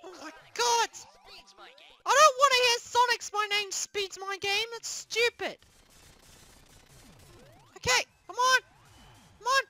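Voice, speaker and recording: A performer voicing a whiny, easily panicked young male plush hero in a comedic puppet gaming skit. He yelps and shouts in panic. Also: very high-pitched, slow, long pauses, full character voice.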